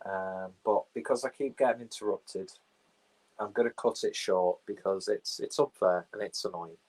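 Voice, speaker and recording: A man's voice: low-pitched, normal speed, a little mellow, low-quality recording. A man hosting a casual film podcast, rambling and offhand with crude jokes, recorded on a phone camera. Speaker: podcast host.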